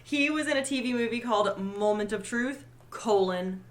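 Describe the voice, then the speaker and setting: A woman's voice: a little high, normal speed. A woman co-hosting a casual podcast, chatty and laughing often. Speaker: podcast co-host.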